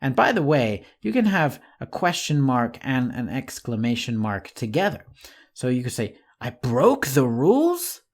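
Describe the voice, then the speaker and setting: A man teaching an online English lesson in a friendly, patient way, speaking slowly and clearly to the viewer. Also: mid-range voice, animated.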